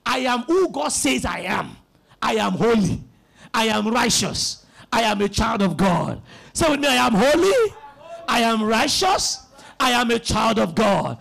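A very animated male pastor with a very high, gravelly, slightly bright voice delivers an emphatic sermon at a moderate pace. He has the congregation repeat after him in call-and-response style.

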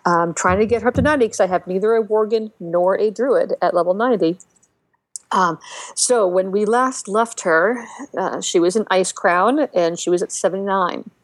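A woman co-hosting a casual podcast, telling game stories with lots of fillers and restarts, and getting animated when she quotes other players. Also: medium pitch, normal speed, no room sound. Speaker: podcast co-host. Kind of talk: casual chat about a video game.

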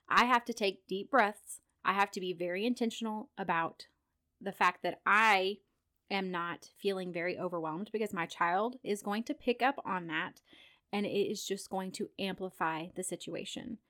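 Woman, parenting podcast host, calm, earnest, soft laughs, mid-pitched. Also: normal speed. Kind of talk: solo podcast talk.

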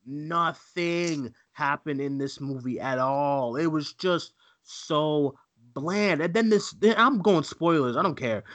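A man's voice: a little high, slow pace. A man co-hosting a casual movie podcast, ranting and mimicking voices as he talks. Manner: animated, ranting, mocking voices. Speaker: co-host.

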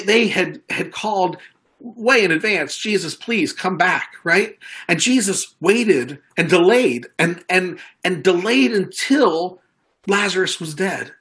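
A pastor whose voice runs high and a bit bright preaches casually. Repeated words and restarts crop up often, and he acts out quoted lines along the way.

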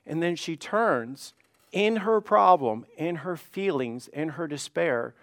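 Earnest pastor, higher-pitched man. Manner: earnest, repeats words when stressing a point; slows down and softens on key phrases. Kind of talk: sermon.

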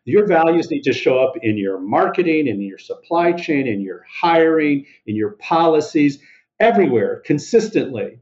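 A man's voice: fairly high pitch, sing-song, normal speed, darkish tone. Earnest male podcast guest, dull audio. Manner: earnest, builds lists with emphasis. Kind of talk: interview answers.

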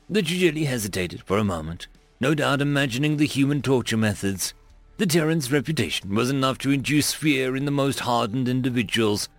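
A man reading a story aloud as the narrator, in an expressive, dramatic manner. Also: medium pitch, no echo.

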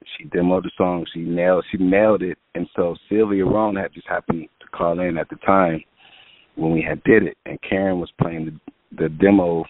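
Man, low voice, casual storytelling, acts out quotes, tinny line. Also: moderate pace, no echo. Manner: animated storyteller, acts out quotes, lots of fillers. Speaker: music producer guest.

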